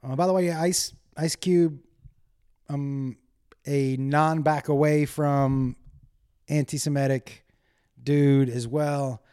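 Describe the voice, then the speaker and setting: A man's voice: a little high, fairly even intonation, slow, pauses often, mellow, clean tone. A man hosting his own podcast alone, telling crude, self-deprecating stories in a casual, rambling monologue that keeps drifting off topic. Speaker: solo podcast host.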